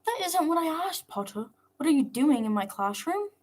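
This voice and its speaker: A cold, mocking middle-aged schoolmaster who sneers at a pupil, as a woman puts him on. The voice sits fairly high and stays cool and contemptuous. It is a storybook reading. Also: very animated, normal speed, darkish tone. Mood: sneering. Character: sneering, spiteful middle-aged male teacher. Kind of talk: fan fiction read-along.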